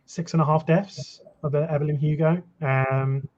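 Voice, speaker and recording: A man's voice: a little high, steady tone, a little slow, darkish tone. Hesitant man on a dull call line. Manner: hesitant, many ums and restarts. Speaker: livestream guest. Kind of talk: casual chat on a video call.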